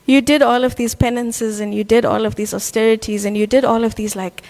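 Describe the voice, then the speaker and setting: A woman voicing a calm, all-powerful male deity who explains patiently. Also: a little high, fairly quick, big-room sound, close to an everyday voice.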